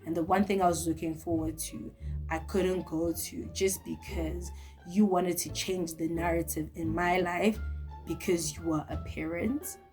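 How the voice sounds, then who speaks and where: Young woman, storytime vlog, lively and direct, lowish voice. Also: measured pace, soft background music. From South Africa. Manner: animated, talks straight to the viewer. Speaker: vlogger.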